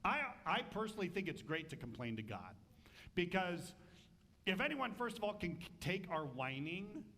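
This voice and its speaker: A man preaching a sermon as pastor, animated and humorous, acting out voices. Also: a little high.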